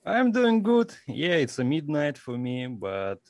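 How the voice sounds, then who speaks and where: A man with a Russian accent, a guest speaking careful, halting English in a casual interview, pausing often to search for words. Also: fairly high pitch, wildly swooping pitch, a little mellow, no room sound. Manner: halting non-native English with searching pauses. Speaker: guest musician. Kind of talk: casual interview over a video call.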